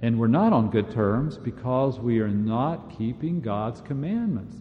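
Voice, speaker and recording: A man's voice: medium pitch, expressive, measured pace. A man preaching a sermon in a conversational, self-mocking way, chuckling at himself. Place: church. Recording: dull sound with long reverb in a church.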